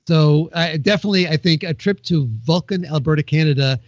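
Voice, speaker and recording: A man's voice: on the high side, a little fast, dry recording, dull audio. A man co-hosting a casual podcast, reading news items and joking with the others. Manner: jokey, laughs and whoops often.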